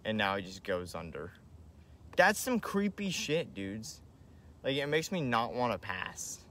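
A young man talking casually on a live stream from a kayak on a river, slangy, swearing and excitable. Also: on the low side, unhurried. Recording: loud outdoor wind and water noise.

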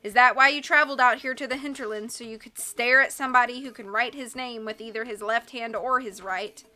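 A woman voicing a gloomy, self-pitying carnival performer man who speaks slowly and sighs. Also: on the high side, fairly even intonation, sharp tone. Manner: slow, sighing, mournful.

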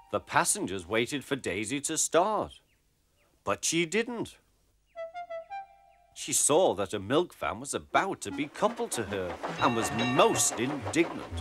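A man narrating a children's storybook in an expressive, gentle way. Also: mid-range voice, slow pace. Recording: background music.

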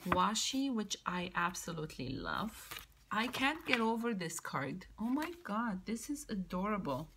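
A woman vlogger opening a birthday craft mail, gushing and excitable, now and then dropping into a whisper. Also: mid-range voice, slight background noise. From Canada. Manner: gushing, excitable, keeps exclaiming how cute things are. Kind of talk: casual show-and-tell unboxing.

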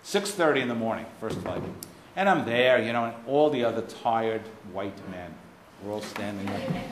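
American guy w a bit of boston accent telling a story at a lecture, dry and wry, mid pitch, roomy hall w faint hiss. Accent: faded Boston. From United States. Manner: wry, digressive storyteller with blunt asides. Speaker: keynote speaker. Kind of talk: anecdotal lecture.

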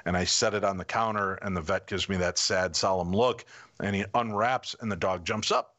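Middle-aged guy on a podcast spinning a story, lowish voice, acts out the quotes. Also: normal speed, muffled recording. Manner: animated anecdotal storytelling, acting out quotes. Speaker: guest. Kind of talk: casual storytelling.

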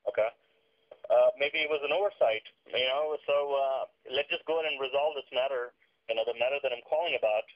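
A man's voice: medium pitch, fast. A man working as a call center agent, politely insistent and packing his talk with fillers. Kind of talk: phone call. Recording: muffled phone line.

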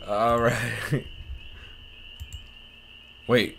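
A man's voice: fairly low pitch, big pitch swings, moderate pace, slight background noise. A man casually commenting on a game he is playing, swearing a lot and reading the game's diary text aloud. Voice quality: profane, sarcastic, reacts loudly. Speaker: let's play host.

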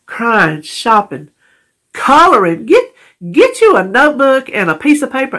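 A woman's voice: fairly high pitch, a bit bright. A middle-aged woman from North Carolina, talking tearfully and rambling in a heartfelt casual vlog, stumbling over words and laughing often. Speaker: vlogger.

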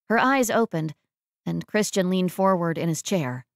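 Woman narrating a romance audiobook, low and dry. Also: measured pace, no echo. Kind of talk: scripted narration.

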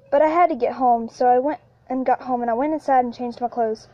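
High, mellow woman narrator for a halting, restart-heavy horror reading, dull lo-fi track. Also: fairly even intonation. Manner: halting, with frequent restarts and repeated lines. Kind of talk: first-person horror story reading. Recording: lo-fi with faint background music.

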